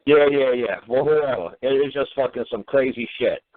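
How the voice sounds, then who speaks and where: A man's voice: medium pitch, normal speed. Man ranting profanely over a phone line. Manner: profane, scolding, mocking rants. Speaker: radio show host. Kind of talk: call-in radio talk. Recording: tinny phone-line radio audio.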